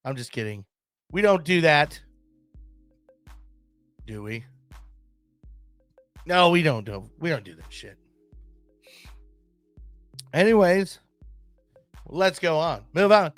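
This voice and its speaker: An excitable male podcast host chatting casually and swearing freely. His voice sits fairly high and jumps around a lot in pitch. The sound is dry and close, with soft music underneath. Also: slow pace, pauses often, dry recording. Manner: excitable, profane, slangy. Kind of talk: casual solo podcast chat. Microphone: desk mic, screen-sharing.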